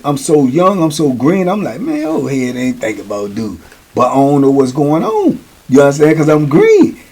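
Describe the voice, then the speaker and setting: A middle-aged man spins prison stories in a loose, slangy style, circling back with repeated phrases. His voice sits a touch higher than most men's. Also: darkish tone. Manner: slangy, repetitive, conversational. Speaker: storyteller, show host. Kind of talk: casual prison storytelling.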